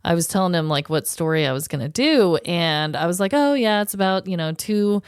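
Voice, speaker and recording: A woman co-hosting a podcast in casual chat, animated and laughing often as she acts out quotes. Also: lowish voice, brisk, clean tone, dry recording, clean studio sound. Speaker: podcast co-host.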